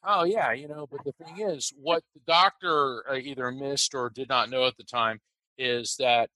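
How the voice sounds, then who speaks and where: A man from the United States, an interview guest telling a personal story, animated and halting with many restarts. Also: medium pitch, dry recording, low-quality recording.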